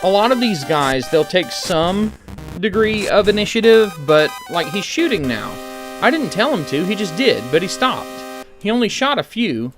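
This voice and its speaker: A man streaming a retro computer game, talking it through in a casual, rambling way. His pitch moves around a lot, sitting a little high for a man, and he drops dry, sarcastic asides. Music plays clearly behind him. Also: sing-song, normal speed. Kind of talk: casual gameplay commentary.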